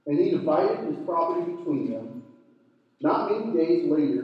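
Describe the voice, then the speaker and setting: A middle-aged man preaching a sermon, telling stories in a relaxed, conversational way with ordinary fillers. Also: on the high side, muffled recording. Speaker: pastor. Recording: echoey hall, mic from far off.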